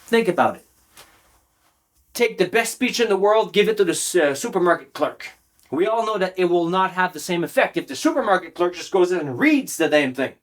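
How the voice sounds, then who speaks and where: A man teaching public speaking straight to camera, emphatic and animated, often checking in with the viewer. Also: on the high side. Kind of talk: direct-to-camera coaching talk.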